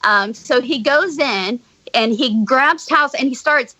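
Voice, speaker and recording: A woman guest on a podcast, casually telling a true story with blunt, profane, animated delivery. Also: high voice, unhurried, no room sound, rough recording. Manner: blunt, swears freely, animated retelling.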